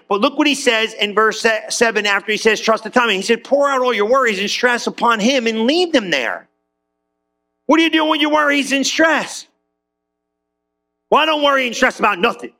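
A high, bright-voiced man preaching. He talks fast and loose like a conversation, calling out to his congregation for amens. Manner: lively and conversational, calls for amens. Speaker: pastor. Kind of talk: sermon.

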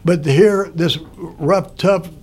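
Older storytelling man, slightly high voice. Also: slow pace, darkish tone, a little hiss or hum. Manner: rambling, chuckles often, acts out quoted people. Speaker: guest telling his life story. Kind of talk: casual storytelling.

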